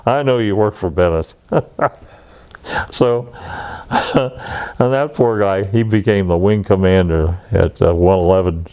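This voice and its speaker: This veteran, a man in his eighties, speaks slowly in a low, clean voice. His oral history interview is full of animated war tales, frequent laughter, and acted-out quotes from the people he remembers.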